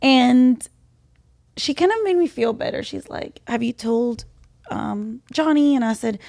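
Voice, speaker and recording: A woman's voice: on the high side, lively intonation, a little slow, vocal fry, a little mellow, no room sound, studio quality. A woman in her late twenties, pregnant, telling a personal story in a chatty way with a lot of "like"s as a podcast co-host. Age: 20s. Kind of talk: casual chat.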